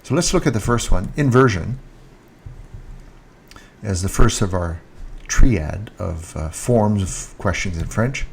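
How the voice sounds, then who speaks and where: A man giving a casual French lesson, speaking slowly, repeating each French word and stressing it, recorded on a handheld mic. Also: on the low side, lively intonation, vocal fry, slight background noise. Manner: slow, repeats French words with rising emphasis. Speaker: French teacher. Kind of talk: casual online language lesson. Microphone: handheld mic with earphone monitor.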